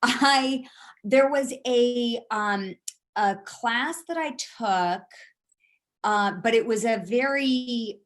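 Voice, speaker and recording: A middle-aged woman from San Francisco, a board candidate, answering questions on a video call in a rambling way, with many fillers and restarts. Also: mid-range voice. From San Francisco, USA. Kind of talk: casual answers in a video meeting.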